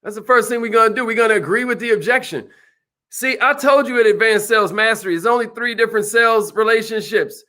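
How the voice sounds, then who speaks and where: A man giving an animated motivational sales seminar, calling out to the audience. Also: very high voice, fast talker. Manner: animated, preacherly, calls out to the audience. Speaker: sales trainer.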